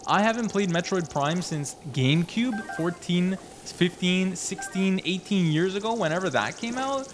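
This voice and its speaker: A young man live-streaming a game, chatty and excitable, reading chat aloud and reacting playfully. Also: high voice, moderate pace, music in the background.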